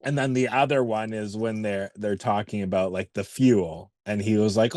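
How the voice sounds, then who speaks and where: A man's voice: lowish voice, normal speed, few pauses, a little mellow, dry recording, clean studio sound. A man co-hosting a casual movie podcast, retelling favorite scenes with laughter and casual swearing. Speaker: podcast co-host. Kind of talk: casual movie review chat.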